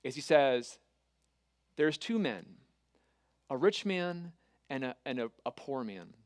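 A man preaching a sermon, retelling a scripture story with earnest, dramatic pauses and reading scripture aloud. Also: medium pitch, expressive, dry recording, studio quality.

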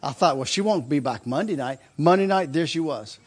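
A man's voice: a little high, expressive, brisk, slightly rough. A male preacher telling a story in a sermon, acting out screams and laughter as he goes. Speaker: traveling preacher.

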